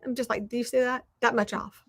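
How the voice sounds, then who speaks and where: A Southern American woman hosting, chatting casually and rambling while she crafts, quick to poke fun at herself. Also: on the high side, steady tone, breathy edge. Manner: chatty, rambling, self-deprecating. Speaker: host.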